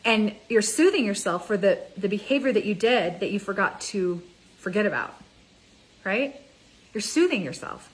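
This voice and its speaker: Energetic woman coaching viewers directly. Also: mid-range voice, normal speed, rough recording. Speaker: mind ascension coach. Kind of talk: motivational talk to camera.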